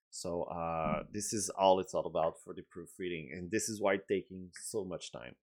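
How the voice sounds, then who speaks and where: A man's voice: deep voice, fairly even intonation, normal speed, hardly any pauses. A man with a French accent, a game designer giving a casual update video, talking hesitantly with many fillers and restarts.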